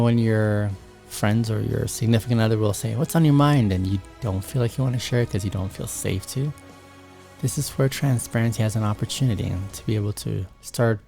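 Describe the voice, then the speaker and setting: A man's voice: lowish voice, vocal fry, darkish tone. A man hosting a motivational talk to men, earnest, acting out short dialogues as examples. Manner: earnest, acts out little dialogues. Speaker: host.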